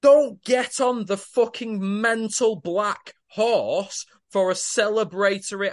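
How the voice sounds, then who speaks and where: A man with a high voice chats casually, swearing as he reacts. He rants in exasperation about the characters' choices. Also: slow pace, hardly any pauses. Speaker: podcast co-host. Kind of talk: casual recap chat.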